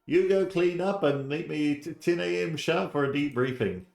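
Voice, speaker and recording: A man voicing a brash male army officer who shouts orders at his troops. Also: fairly high pitch, moderate pace, gravelly, roomy sound, voice pushed up. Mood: smug. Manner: shouted commands.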